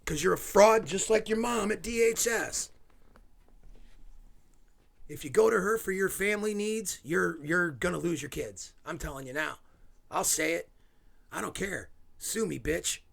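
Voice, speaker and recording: A man's voice: high voice, measured pace, vocal fry, pauses often, fairly bright tone. A man hosting his own video, ranting angrily with sarcastic asides and swearing. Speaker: video host. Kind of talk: angry ranting commentary.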